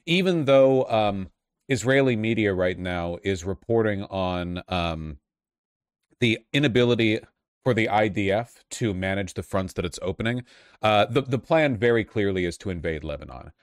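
Man, political commentator, heated and profane, lowish voice, dry close sound. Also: expressive, normal speed, no room sound. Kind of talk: casual reaction commentary on clips.

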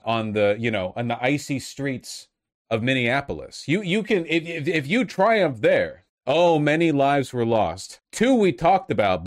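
A man giving casual, sarcastic commentary, rambling with many fillers and restarts. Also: medium pitch. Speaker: online commentator.

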